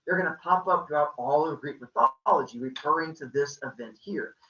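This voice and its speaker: A man's voice: a little high, brisk, echoey room, far from the mic, dull audio. A man, a teacher, casually retelling a myth to a class with jokes. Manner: lively, joking retelling.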